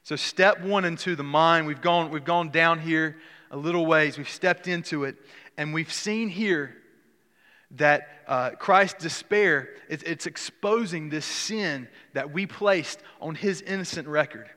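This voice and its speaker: Earnest preacher in an echoing hall. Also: male voice, on the high side, unhurried. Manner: earnest, many restarts, drops soft on key words. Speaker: pastor. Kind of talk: sermon.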